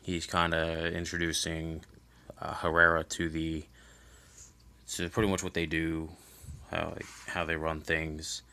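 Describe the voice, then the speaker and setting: A man talks through a comic book issue in a low, bright voice that barely moves in pitch at all. He rambles loosely, circling back with fillers and restarts, and swears offhandedly as he goes. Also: completely flat delivery, measured pace. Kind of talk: casual comic recap.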